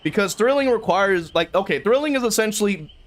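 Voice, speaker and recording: Brief: young man, high voice, venting casually to chat while gaming, sweary and exasperated. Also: expressive, a little fast. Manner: exasperated, swearing, frequent laughs. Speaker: game streamer. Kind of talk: casual livestream commentary.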